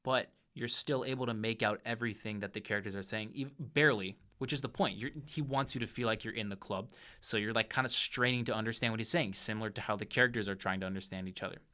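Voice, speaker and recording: Animated young man reviewing movies. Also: fairly low pitch, quick pace, hardly any pauses, clear, resonant tone. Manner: animated, self-correcting, with frequent restarts and fillers. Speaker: host of a movie review show.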